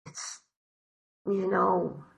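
A woman's voice: lowish voice, very slow, creaky, rough recording. A woman from the Netherlands giving a heartfelt, candid personal recovery share, swearing freely. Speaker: recovery meeting speaker.

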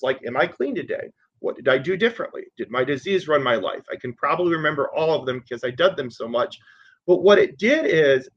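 A man's voice: a little high, a bit bright, husky. Man in his thirties, earnest and conversational, telling his recovery story with repeated emphasis; muffled lo-fi audio. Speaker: recovery meeting speaker. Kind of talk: personal recovery share.

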